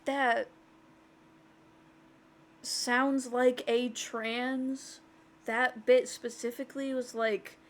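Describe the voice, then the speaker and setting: A woman streaming a game talks in a slow, unhurried ramble. Her voice sits on the higher side, and she breaks into giggles and tosses in casual swearing. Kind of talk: casual chat over gameplay.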